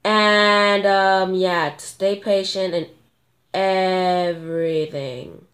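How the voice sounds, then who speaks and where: A woman commentating her own gameplay, excitable and gasping at sudden moments, thinking aloud and talking to viewers. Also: mid-range voice, drawn-out words. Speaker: gamer.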